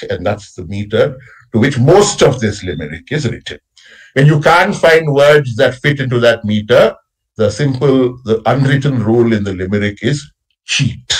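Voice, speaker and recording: A man with a husky, slightly rough voice gives an academic lecture on poetry, his pitch rising and falling a lot as he explains. He checks in with his listeners by tagging "right?" after each point and sounds out meter with heavy stress. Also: rough recording. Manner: explanatory, frequent tag "right?", recites lines with exaggerated stress. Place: college workshop session.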